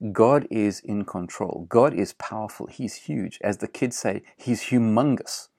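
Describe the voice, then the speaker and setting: A man preaching a sermon, earnest and emphatic, repeating phrases with pauses and fillers. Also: lowish voice, mellow, no room sound, studio quality.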